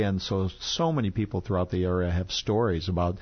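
A man's voice: low-pitched, fairly quick, breathy edge. A man who leads a ministry talks about its work and its hopes in a casual talk-show conversation, quoting other people as he goes. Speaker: guest ministry leader. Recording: dull lo-fi sound.

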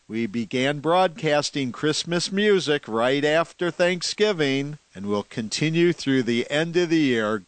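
A man hosting a Christian radio program, introducing the day's message in a friendly, measured announcer delivery. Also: medium pitch, dry recording. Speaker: radio show host.

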